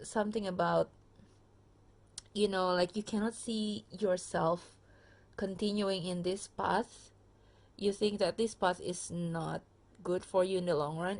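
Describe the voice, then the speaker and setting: A tired tarot reader with a mid-range, darkish voice offers viewers a casual pick-a-card reading into her phone camera. Her delivery is chatty and direct, packed with fillers and restarts.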